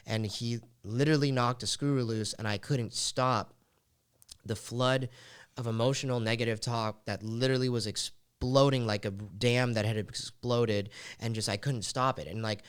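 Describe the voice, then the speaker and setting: A man's voice: medium pitch, steady tone, normal speed, clean tone. A man hosting a podcast, telling a personal story in a raw, confessional way full of casual fillers like "like.". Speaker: podcast host.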